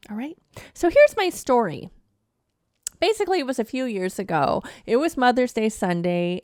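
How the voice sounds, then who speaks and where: A woman in her thirties tells a story on her podcast as a heated rant, swearing freely and swinging between loud outbursts and quieter asides. Her voice sits in a middle register. The recording is dry and close, with no room sound. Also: mid-range voice, clean tone, dry recording. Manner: animated, indignant, swears freely. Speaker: comedian and podcast host.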